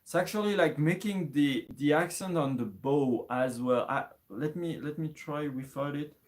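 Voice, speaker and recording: A man's voice: fairly high pitch, normal speed, darkish tone. A man giving a casual music lesson, thinking aloud, hesitating and restarting with many fillers. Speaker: music teacher.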